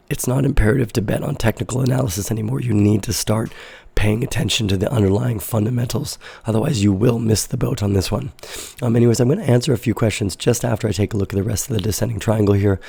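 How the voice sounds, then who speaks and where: A hoarse man with a stuffy nose and a heavily gravelly, husky low voice walks through a market chart in a loose, rambling way. His tone is dark and mellow, recorded close and dry with no room sound. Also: fairly even intonation, fast talker, no echo. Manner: loose, rambling explanation with self-corrections. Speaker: crypto trading show host. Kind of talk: casual live market analysis.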